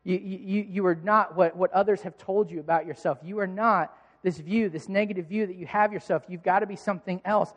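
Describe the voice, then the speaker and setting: High voiced guy pastor telling a funny story at church, big reverb. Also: brisk, hardly any pauses. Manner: storytelling, self-mocking, lively. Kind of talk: sermon. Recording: long hall reverb.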